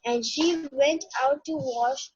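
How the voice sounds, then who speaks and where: High voiced schoolgirl reading slowly in online class, stumbles on words, muffled lo-fi call audio. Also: a little mellow. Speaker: student. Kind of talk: reading a story aloud in class. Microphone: home mic on a video class.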